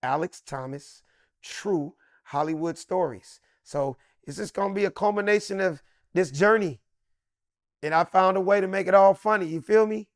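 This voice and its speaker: A man in his fifties from Los Angeles spins stories as a comedian guest, slangy and emphatic, slipping into the voices of the people he quotes. His voice sits a bit high for a man. The sound is dry and close, with no room around it. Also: fairly quick, no room sound. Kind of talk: animated storytelling in a sit-down interview.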